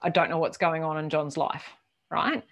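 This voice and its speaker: A woman giving a casual, lively workshop talk to a team, swearing now and then and acting out quoted voices. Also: low voice, normal speed, creaky. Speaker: workshop presenter.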